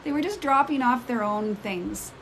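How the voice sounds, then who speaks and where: A woman telling a personal story on a casual live stream. She retells it in an animated way and jumps up in pitch when she acts out the people in it. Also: moderate pace, slight background noise, rough recording. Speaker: spiritual storyteller. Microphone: phone mic on a live stream.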